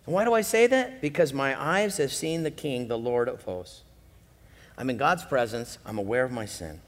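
A man preaching a sermon from the pulpit, animated, swinging between loud emphasis and quiet, slow lows. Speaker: pastor. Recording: long hall reverb.

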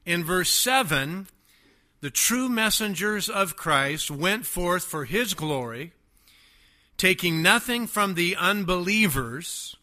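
A man preaching a sermon, emphatic and repetitive, often dropping to quiet asides. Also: fairly high pitch. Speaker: pastor.

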